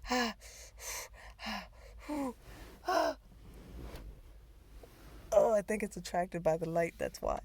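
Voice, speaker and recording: A woman's voice: medium pitch, very animated, takes it slowly, long pauses, darkish tone, a little hiss or hum. A woman hosting her own talk show, telling a personal story in a rambling, profane way with bursts of laughter. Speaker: podcast host. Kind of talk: casual storytelling.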